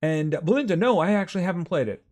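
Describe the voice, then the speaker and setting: A man's voice: sits high, expressive, quick pace, a little mellow. A man streaming a farming game live, chatting casually with his viewers as he plays. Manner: chatty, talks to game animals and reads chat aloud.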